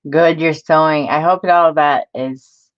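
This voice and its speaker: A woman with a low, steady voice hosts a casual live stream while crafting, speaking at a measured pace. She's chatty, laughs often and greets viewers by name, though the audio is dull.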